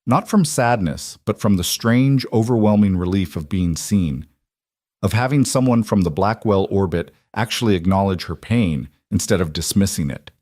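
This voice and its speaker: A man reading a scripted story aloud as narrator, in an even storytelling voice. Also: deep voice, normal speed, no room sound, studio quality.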